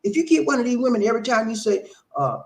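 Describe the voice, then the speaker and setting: Casting: a preachy man as a relationship-advice host, with a lively, swooping delivery. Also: extremely high pitch, fast, creaky. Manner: preachy, repeats himself, talks straight to the audience. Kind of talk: casual advice broadcast.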